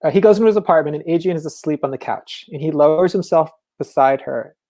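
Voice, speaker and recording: A man with a mellow, warm voice gives a relaxed festival talk on the craft of writing. He is enthusiastic and conversational, sprinkling in fillers and asides as he explains. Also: fairly high pitch, fast. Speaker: novelist, festival speaker. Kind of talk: casual lecture on writing.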